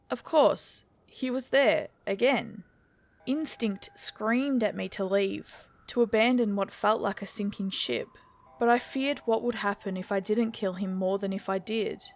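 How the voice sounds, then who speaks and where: A woman's voice: medium pitch, creaky, no echo. Woman narrating a horror story.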